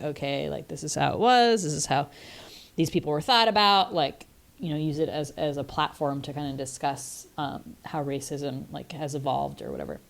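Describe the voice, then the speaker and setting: A woman with a deep, smooth, clear voice chats casually on a film-review podcast. She thinks aloud, circling her points as she talks. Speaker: podcast co-host.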